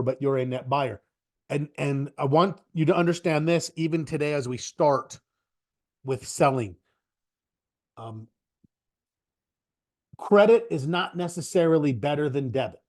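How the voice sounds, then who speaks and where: A man's voice: on the high side, darkish tone. A man teaching options trading in a casual live online class, chatty and joking, with rambling asides.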